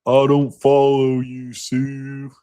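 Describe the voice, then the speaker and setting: A man doing an impression of an earnest, slow-talking rural cowboy with a drawl. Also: medium pitch, completely flat delivery, warm tone, pitched above the performer's own voice, natural voice.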